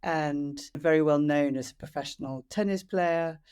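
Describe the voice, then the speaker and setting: A woman hosting a podcast interview, asking gentle, reflective questions. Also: sits low, normal speed, smooth. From England. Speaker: podcast host.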